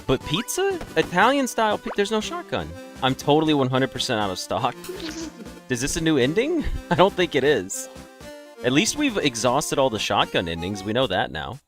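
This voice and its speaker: A man chatting his way through a game in loose, rambling commentary, cursing freely and breaking into laughs. His mid-pitched voice swings up and down a lot as he talks, and soft game music plays underneath. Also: huge pitch swings, moderate pace. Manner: rambling, profane, laughing asides. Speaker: gaming video creator. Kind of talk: casual let's-play commentary.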